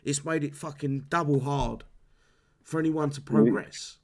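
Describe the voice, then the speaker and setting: A man's voice: a little high, measured pace, a little mellow. A man hosting a live stream, ranting heatedly about a game with lots of swearing and restarts. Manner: heated, sweary, repeats himself. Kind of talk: casual live-stream rant.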